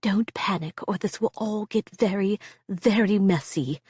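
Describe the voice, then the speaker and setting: A woman's voice: mid-range voice, a little slow, husky, no echo, studio quality. Woman putting on a whispering scarred doctor, country accent. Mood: urgent whisper. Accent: thick country accent. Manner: loud false cheer, then hushed urgent whispers. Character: tense scarred woman doctor, urgent and secretive.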